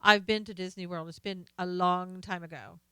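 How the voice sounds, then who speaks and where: Chatty excitable woman, bright clear voice. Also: fairly low pitch, moderate pace, dry recording. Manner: chatty, excitable, laughs often, exclaims "oh my gosh". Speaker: live stream host. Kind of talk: casual live-stream chat reading viewer comments.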